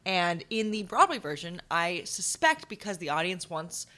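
A woman's voice: on the low side, very animated, moderate pace, pushed and bright. A young woman co-hosting a podcast, chatting casually about a stage show with lots of hedging fillers. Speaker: podcast co-host. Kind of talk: casual theater review chat.

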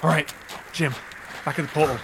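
A man's voice: on the high side, fairly even intonation, brisk, background noise. A man chatting casually and jokily while playing a game. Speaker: gamer. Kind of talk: casual gaming chat.

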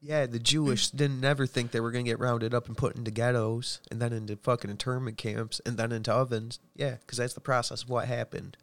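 A man's voice: medium pitch, level tone, brisk, few pauses, dry recording. A man co-hosting a casual chat, talking bluntly with heavy swearing and ranting.

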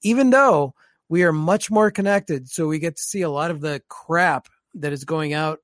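A man co-hosting a live stream, talking fast and excitedly in a casual chat. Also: on the high side, no room sound, studio quality.

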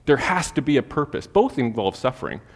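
A man's voice: mid-range voice, sing-song, a little fast. Man preaching in a reverberant hall. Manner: casual, storytelling with many fillers. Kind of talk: sermon with personal story.

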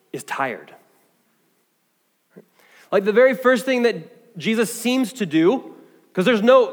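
A man preaching a sermon, his voice sitting a little higher than most men's. He talks casually and animatedly, tossing in "right?" and "like" as he goes. His voice rings with the long reverb of a hall. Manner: conversational, animated, frequent fillers and "right?" asides. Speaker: pastor.

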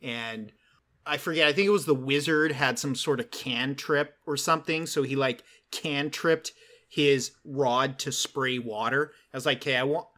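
A man hosting a casual talk, telling game-master stories with animated energy and many "like" fillers. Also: medium pitch, unhurried. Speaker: podcast host and game master. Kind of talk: casual storytelling chat.

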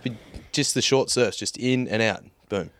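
A man's voice: mid-range voice, normal speed, a bit bright, no room sound. A man in a laid-back podcast chat, swearing and laughing often. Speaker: podcast co-host. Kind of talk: casual chat.

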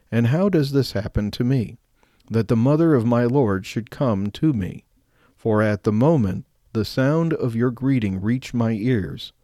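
Low, mellow man reciting rosary prayers. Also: no room sound, studio quality. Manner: steady, measured devotional recitation. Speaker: prayer leader.

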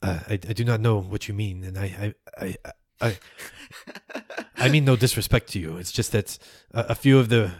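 A man's voice: on the low side, normal speed, a little mellow, no room sound, clean studio sound. A man voicing a nervous, deferential cult underling who stammers. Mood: anxious.

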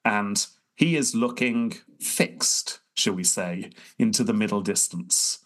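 A man's voice: fairly low pitch, takes it slowly, fairly bright tone. A man co-hosting a casual podcast, joking, laughing and telling a scene as a story. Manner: jokey, storytelling, laughs often. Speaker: podcast co-host. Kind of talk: casual chat.

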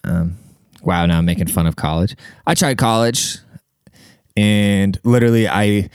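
A man's voice: lowish voice, normal speed, clear, resonant tone, no echo, studio quality. A man rambling through a casual comic monologue, profane and self-deprecating, full of fillers. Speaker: comedian and podcaster.

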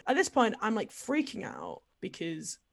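A woman's voice: medium pitch, moderate pace, creaky. Candid young woman telling a story. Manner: candid, lively, lots of fillers. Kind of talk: casual storytelling chat.

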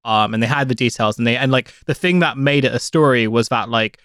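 A man talks through a story on a podcast, leaning on "like" as he goes. His voice is mid-pitched and close, with a dry studio sound. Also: brisk, fairly bright tone, smooth, no echo. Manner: chatty, many "like" fillers. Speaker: podcast co-host. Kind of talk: casual podcast chat.

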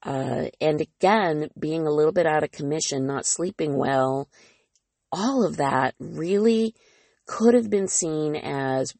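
Woman, podcast host, reflective monologue, candid and self-deprecating, gravelly voice, dry close sound. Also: low-pitched, animated, measured pace, darkish tone, no room sound.

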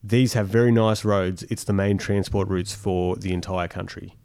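A man's voice: sits low, fairly even intonation, normal speed, a little mellow, clear, resonant tone. A man co-hosting a casual chat, reading out a thread and mocking it sarcastically. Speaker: podcast co-host.

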